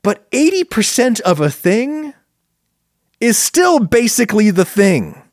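A man hosting a podcast, making his case to listeners in an animated, argumentative monologue. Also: slow pace, dry recording, studio quality. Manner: animated, argumentative, swings pitch for emphasis. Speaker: podcast host answering listener questions. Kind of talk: casual spoken monologue.

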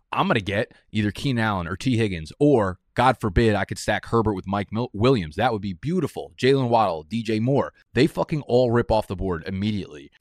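A young man giving a rambling, profane fantasy draft recap in a self-described monotone. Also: lowish voice, no echo, studio quality. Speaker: fantasy football content creator. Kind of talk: casual draft recap monologue.

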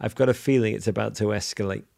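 Gravelly English man, effusive podcast co-host. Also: on the low side, fast talker. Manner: animated, effusive storytelling with frequent restarts. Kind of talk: casual podcast chat.

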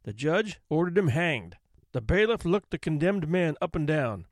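A man narrating a classic folk tale in an expressive, theatrical reading style. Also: on the high side, moderate pace, no echo. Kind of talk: storybook narration.

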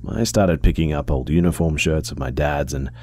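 A man narrating a first-person story in a steady, measured reading. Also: extremely low pitch, faint music behind.

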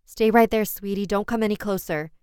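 A woman's voice: mid-range voice, a little fast, a little mellow, smooth, no room sound, clean studio sound, voice pushed up, close to an everyday voice. A woman voicing a frightened young mother in a horror story, pleading urgently to protect her child.

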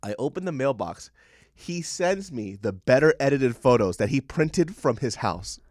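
A man hosting a podcast, telling a story in casual chat, animated and profane, laughing often. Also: mid-range voice, normal speed, dry recording, clean studio sound. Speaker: podcast host.

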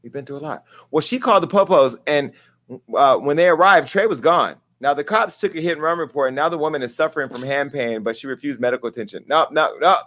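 A man's voice: a little high, quick pace, a bit bright. Brash comedic gossip host, man. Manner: brash, candid, comedic storytelling. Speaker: talk show host. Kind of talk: gossip commentary.

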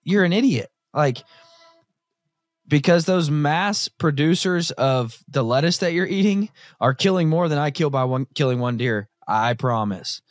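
A man's voice: on the high side, a little slow, no echo, clean studio sound. A man hosting a podcast, talking casually in a blunt, opinionated way. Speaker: podcast host. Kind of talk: casual conversation.

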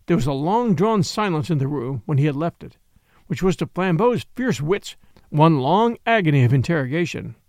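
A man narrating a mystery story in a measured, expressive audiobook reading. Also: fairly high pitch, no echo, clean studio sound.

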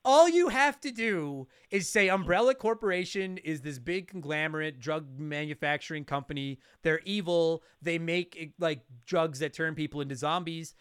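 A man co-hosting a podcast in casual chat, animated and profane as he rants. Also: on the high side, normal speed, hardly any pauses, clear, resonant tone, no room sound, clean studio sound. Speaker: podcast co-host.

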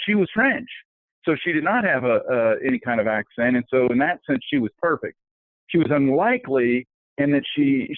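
A man's voice: medium pitch, dry recording. A man, an author, answering interview questions at length with many fillers and restarts. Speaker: author guest. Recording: tinny phone-line sound.

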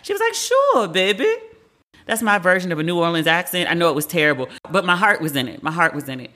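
A woman in her forties with a bright, sharp tone, talking casually as a show host. She is candid and chatty, swears freely and slips into the voices of the people she quotes. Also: on the low side, racing. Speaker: podcast host. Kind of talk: casual pop-culture commentary.

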